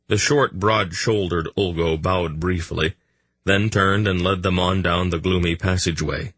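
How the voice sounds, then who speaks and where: A man reading a fantasy audiobook in a measured, even storytelling manner. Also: sits low, no echo. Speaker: audiobook narrator. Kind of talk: scripted fantasy narration.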